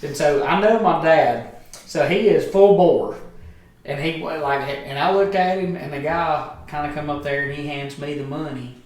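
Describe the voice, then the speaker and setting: A man's voice: fairly high pitch, normal speed. A middle-aged man, a guest telling a profane, rambling story in casual chat. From Alabama, US. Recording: echoey room, distant mic.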